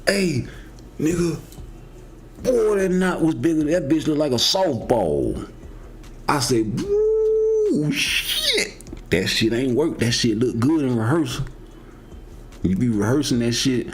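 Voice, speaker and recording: A middle-aged man ranting in a swaggering, profane way, swinging between low mutters and high yelps. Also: darkish tone, a little hiss or hum. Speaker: boxing opinion vlogger. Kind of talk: casual profane rant.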